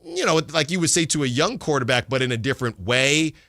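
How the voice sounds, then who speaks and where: A man hosts a sports radio show in an easy, chatty way and gets animated as he talks. His voice is bright and pushed forward. It sounds close and dry in the studio. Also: quick pace, dry recording. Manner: chatty, animated, jumps pitch when excited. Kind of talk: casual sports talk.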